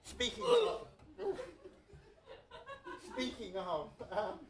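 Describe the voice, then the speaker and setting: A woman voicing a swooning, lovesick male emperor in a comedic audio play, breathy, giggly and flirtatious. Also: fairly high pitch, huge pitch swings, drawn-out words, echoey room, noisy background, exaggerated voice.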